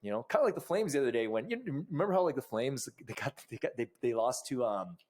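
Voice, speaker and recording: Husky-voiced guy in casual banter. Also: medium pitch, lively intonation, fast talker, a little mellow. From Canada. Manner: joking, does silly voices, swears. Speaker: podcast guest.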